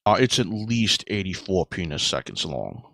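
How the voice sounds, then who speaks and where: A man voicing a pompous, boastful wealthy male duck gentleman who talks in halting, self-important phrases. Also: low-pitched, very animated, vocal fry, dry recording, pitched below the performer's own voice, full character voice. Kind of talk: improvised comedy role-play.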